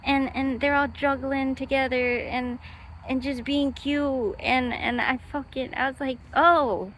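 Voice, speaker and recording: A young woman with a bright, clear voice talks straight to her camera in an unscripted vlog. She rambles from thought to thought, full of fillers and restarts. Her tone is easygoing and she swears now and then. Faint outdoor ambience sits behind her. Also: high-pitched, level tone, measured pace, a little hiss or hum, poor audio. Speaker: vlogger.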